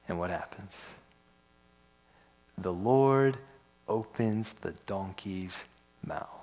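A man preaching a sermon in a church service, telling a story in an animated way with playful asides. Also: on the low side. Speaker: pastor.

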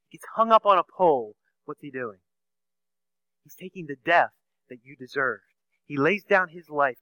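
High-voiced bright male preacher. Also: dry recording, highs cut off. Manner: rhetorical questions, swings from soft hush to loud emphasis. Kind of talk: sermon.

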